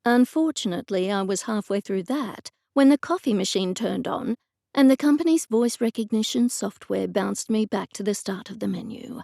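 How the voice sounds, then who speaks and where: A woman's voice: mid-range voice, expressive, moderate pace, gravelly, mellow, no room sound. A woman narrating an audiobook in the first person, telling the story in a dry, exasperated way.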